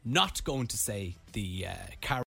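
A young Irish man, a radio host, telling a comic story in an animated way. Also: on the low side, unhurried, vocal fry, soft background music. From Ireland.

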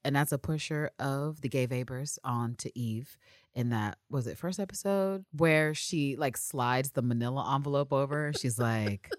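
A woman's voice: very deep voice, moderate pace, no room sound, studio quality. A woman co-hosting a casual fan podcast, swearing freely, laughing often and acting out quoted lines. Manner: animated, profane, laughs often, acts out quotes. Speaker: podcast co-host.

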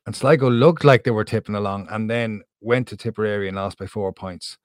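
A man with a fairly low voice hosts a sports chat, casually steering talk and asking his guests questions. The sound is dry and close. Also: fairly quick, no room sound. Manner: conversational, asks pundits questions. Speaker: host.

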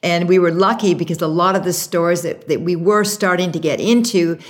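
A woman being interviewed about starting her makeup brand, telling the story with lively, acted-out quotes. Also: lowish voice, normal speed. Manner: animated storyteller, acts out quotes. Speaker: guest, makeup artist and brand founder.

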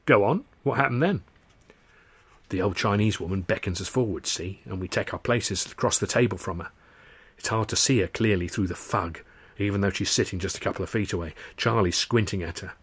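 Male author narrating audiobook, low voice, husky, conversational storytelling. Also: brisk. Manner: relaxed storytelling in a conversational, anecdotal tone. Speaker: author reading his novel.

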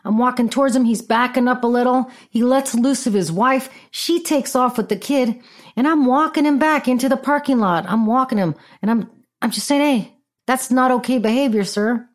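A fairly high-voiced woman hosts her own podcast and tells a story in a casual monologue. She talks bluntly, swears freely and stays animated throughout. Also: normal speed. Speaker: podcast host.

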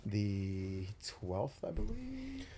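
A man's voice: on the low side, huge pitch swings, very slow, creaky, dark tone, a little hiss or hum. A young man hosting a podcast, talking earnestly with many fillers and restarts. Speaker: podcast host. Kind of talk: casual chat.

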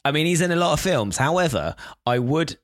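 A man's voice: a little high, expressive, brisk, dry recording. A young man co-hosting a podcast, explaining facts steadily with dry humour. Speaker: podcast co-host. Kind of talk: casual chat.

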